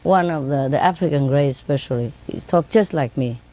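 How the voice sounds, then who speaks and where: A woman speaking English with non-native grammar, telling laughing stories about her birds and mimicking them in a high voice. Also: brisk, warm tone. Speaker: bird owner telling stories. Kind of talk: casual storytelling.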